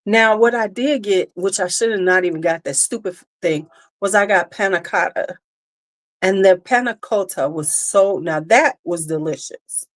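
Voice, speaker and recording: A woman hosting a casual birthday livestream, chatting with her viewers and greeting them by name in an animated, talkative way. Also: mid-range voice, normal speed. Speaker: livestream host.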